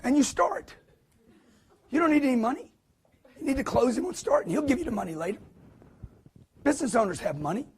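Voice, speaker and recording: Emphatic high-voiced male sales speaker. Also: sing-song, fairly quick, long pauses, slight background noise. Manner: emphatic, preachy, punchy repetition; acts out quotes in put-on voices. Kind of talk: live motivational talk to an audience.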